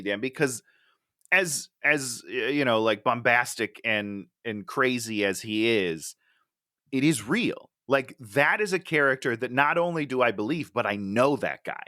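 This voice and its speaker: A woman's voice: very deep voice, big pitch swings, normal speed, fairly bright tone, no echo, studio quality. A woman co-hosting a podcast, reacting emphatically in casual movie review chat. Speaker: podcast co-host.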